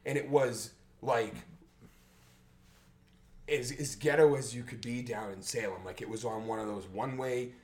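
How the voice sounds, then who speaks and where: A man's voice: medium pitch, normal speed, pauses often. A man on a podcast telling a rambling story, casual and profane, acting out the people he quotes. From Massachusetts. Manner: acts out quotes loudly. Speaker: podcast host.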